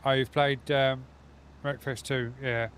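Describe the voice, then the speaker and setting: A man's voice: mid-range voice, little pitch movement, slow pace, a bit bright, clean tone. A man chatting casually with his viewers while streaming a game from his home setup, rambling from one thought to the next. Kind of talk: casual live gaming stream chat.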